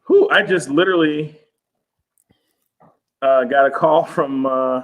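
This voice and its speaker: A man in casual podcast chat, an animated storyteller who swears freely and acts out quotes in raised voices. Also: on the high side, takes it slowly, phone-quality sound.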